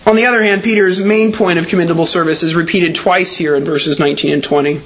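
A man's voice: a little high, fairly even intonation, fast talker, fairly bright tone. A man preaching a sermon as pastor, earnest and emphatic, leaning on repeated words.

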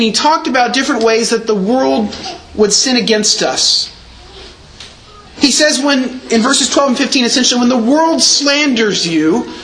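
A man's voice: high-pitched, a bit bright, slight background noise. A man preaching a sermon as pastor, earnest and emphatic, leaning on repeated words.

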